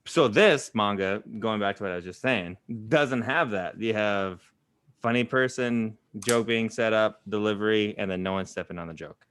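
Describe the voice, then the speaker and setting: A man hosting a casual chat, who rants with frequent swearing and sometimes talks in a flat monotone. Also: lowish voice, moderate pace, clear, resonant tone, no room sound. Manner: flat, monotone delivery at times. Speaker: podcast host.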